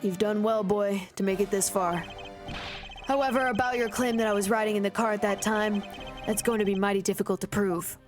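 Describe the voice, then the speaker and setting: A woman's voice: medium pitch, fairly even intonation, a little fast, natural voice. Woman reading as a smug older male villain. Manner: condescending, calls his accuser boy. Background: game music.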